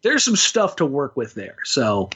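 A man's voice: mid-range voice, huge pitch swings, a little slow, a bit bright, slightly rough. A man co-hosting a podcast, talking sports in a loose, jokey way with many restarts. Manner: talkative, jokey, frequent restarts. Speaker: podcast co-host. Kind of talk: casual sports chat. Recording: dull lo-fi sound.

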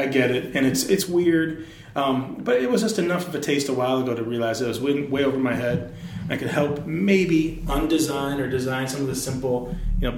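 A man's voice: mid-range voice, gravelly, echoey room, slight background noise. A man who is a designer, talking casually and rambling in a live podcast interview, with many restarts and jokes. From Pacific Northwest. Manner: rambling, self-interrupting, jokey. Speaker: guest designer. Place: live event in a university building.

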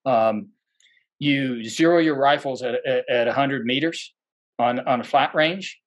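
A man's voice: medium pitch, measured pace. Rambling male podcast guest telling stories. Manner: rambling, with many fillers and restarts; animated when quoting people. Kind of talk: casual anecdote telling.

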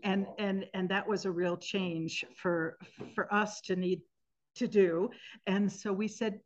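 A woman in her sixties, a podcast guest, telling stories about singing at the end of life in a thoughtful, earnest way with gentle restarts. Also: medium pitch, steady tone, slow pace. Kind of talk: reflective interview storytelling. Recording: slightly muffled podcast audio.

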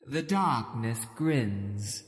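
A man voicing a prophetic female ice witch in a hushed, drawn-out, ominous voice. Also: medium pitch, lively intonation, in a large hall.

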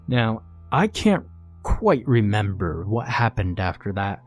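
A man reads a creepy first-person horror story in a tense, measured manner. His voice sits on the low side, and faint music plays beneath the narration. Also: very animated.

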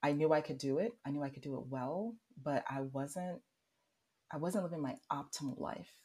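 A woman's voice: sits low, normal speed, husky. A woman in her thirties, a podcast guest, telling a story in casual chat and acting out what people said. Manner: animated storyteller who acts out quotes and laughs often.

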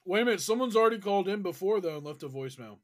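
A man's voice: sits high, animated, rapid-fire. A man co-hosting a casual podcast, jumping in with playful interruptions. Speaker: podcast co-host.

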